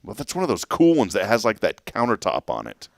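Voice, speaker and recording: A man's voice: lowish voice, fairly quick, gravelly, no room sound, clean studio sound. A man hosting a morning show, chatting casually and joking as he reads listener comments. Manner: jokey, animated, laughs while reading listener comments. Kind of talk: casual chat.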